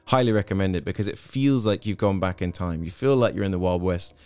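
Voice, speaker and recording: A middle-aged man with an English accent, chatting as an interview guest and telling stories in a quick, animated way. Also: deep voice, smooth, no echo. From Hong Kong-born, British. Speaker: interview guest, content creator. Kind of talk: casual interview chat.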